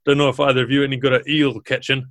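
A man's voice: mid-range voice, little pitch movement, racing, a bit bright, no room sound, pitched above the performer's own voice, close to an everyday voice. A man voicing a big male ogre leader who talks in a friendly, folksy way. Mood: chatty. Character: gruff male ogre leader, polite and easygoing.

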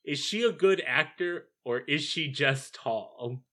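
A man's voice: fairly high pitch, slow pace, sharp tone. A man in a casual film discussion, dry and wry, steering the talk along.

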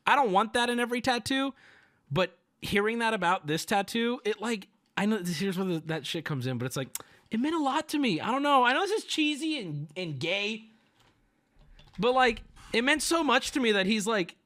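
Lively, bright-voiced male streamer. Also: very high-pitched. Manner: animated, profane, acts out quoted people. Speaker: livestreamer. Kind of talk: casual storytelling to a stream audience.

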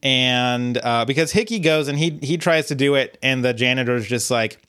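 A man's voice: mid-range voice, moderate pace, fairly bright tone, smooth. A man co-hosting a podcast in casual chat, rambling through stories with lots of fillers and restarts. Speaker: podcast co-host.

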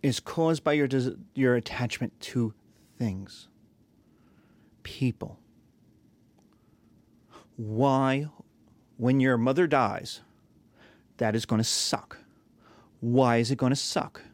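A man's voice: mid-range voice, slow, pauses often, no room sound. A man teaching a class, talking casually with rhetorical questions and acted-out quotes. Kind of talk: classroom lecture.

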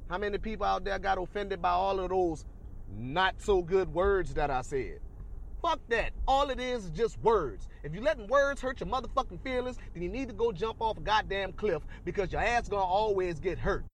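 A man delivering a loud, profane, worked-up comedic rant on a podcast. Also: sits high, slight background noise. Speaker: podcast ranter.

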